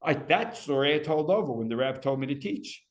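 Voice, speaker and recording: An older man teaching an evening class, talking in an animated way with many repeated words. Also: fairly high pitch, brisk, reverberant. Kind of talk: lecture to a class.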